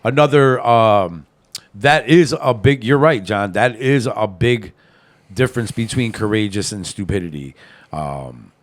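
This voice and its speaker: Lively, animated man telling a story. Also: lowish voice, unhurried. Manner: animated storyteller, laughs often, swears freely. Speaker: podcast host. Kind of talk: casual storytelling chat.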